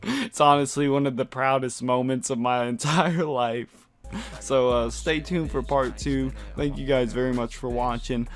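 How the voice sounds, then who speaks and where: Young male vlogger, mid-pitched, slangy and laughing as he tells a story. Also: a little slow, soft background music. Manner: laughs often, slangy, profane, animated. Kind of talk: casual storytelling vlog.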